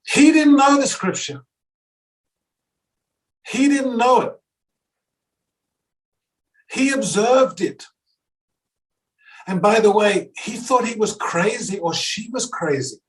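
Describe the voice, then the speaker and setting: An animated middle-aged man speaking to a church congregation. He tells a story, acts out the other people's lines in it, and falls back on loose fillers as he goes. His voice sits a little away from the mic, picked up in the chapel. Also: sits high, slow, pauses often, recorded from a distance, low-quality recording. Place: church hall.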